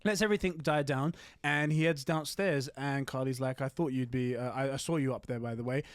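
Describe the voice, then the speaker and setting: A man recapping a TV episode in casual chat. He acts out the characters' lines in quick put-on voices. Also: medium pitch, clean tone, no echo. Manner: animated retelling, quotes characters in voices. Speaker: podcast co-host.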